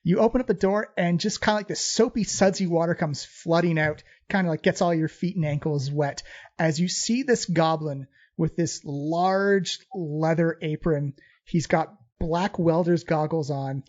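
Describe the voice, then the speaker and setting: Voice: mid-range voice, moderate pace, darkish tone, dull audio. A game master narrating a tabletop game in a loose style, full of fillers.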